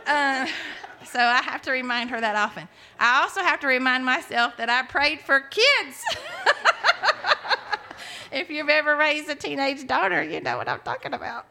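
A woman's voice: high-pitched, sing-song, moderate pace, bright, forceful tone, slight background noise. A woman in her forties giving a heartfelt personal faith testimony, telling her story earnestly with frequent restarts. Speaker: testimony speaker.

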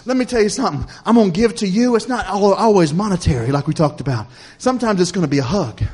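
A man, his voice sitting a little on the higher side, preaches in a rolling, repetitive cadence. He keeps checking in with the congregation and swings between booming emphasis and near-whispered tenderness. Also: lively intonation, fast, breathy edge. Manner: preacherly, repetitive cadence with call-and-response "Amen?"; swings from loud emphatic lines to soft hushed ones. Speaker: pastor. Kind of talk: sermon.

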